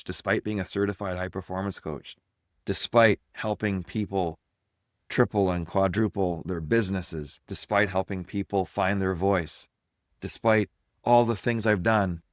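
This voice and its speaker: A man's voice: deep voice, moderate pace, no echo, studio quality. A man in his fifties from Canada, a life coach and podcast host, talking at home in a candid, self-reflective solo monologue.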